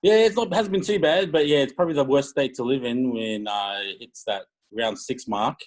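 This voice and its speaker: A man's voice: medium pitch, normal speed, poor audio. A man, a podcast guest telling rambling, laid-back stories in casual chat. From Australia.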